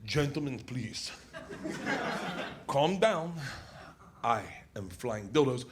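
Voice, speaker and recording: A man's voice: medium pitch, lively intonation, slow pace, noisy background, pitched below the performer's own voice. A man voicing a tall, stern German woman performer who gives curt commands.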